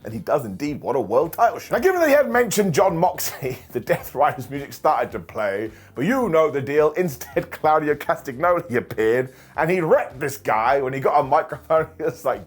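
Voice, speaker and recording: A man's voice: fairly high pitch, very animated, fairly quick, few pauses, husky. A man recapping a wrestling show in a comedic, jokey way, often putting on silly voices for the wrestlers and laughing between lines.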